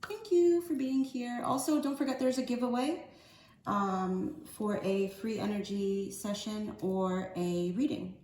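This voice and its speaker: A woman's voice: medium pitch, a little slow, darkish tone. Rambling woman reading oracle cards. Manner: loose, rambling, slangy chat. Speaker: spiritual card reader. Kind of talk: casual oracle card reading. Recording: echoey room with faint ambient noise.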